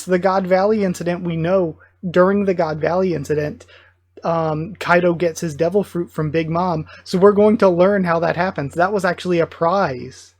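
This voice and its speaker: A fairly high-voiced man hosting a live reaction, talking his thoughts out as they come. He sounds excitable and musing, often stopping to correct himself. The sound is close and dry, with no room around it. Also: moderate pace, no room sound. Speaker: reaction video host. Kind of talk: live reaction commentary, thinking aloud.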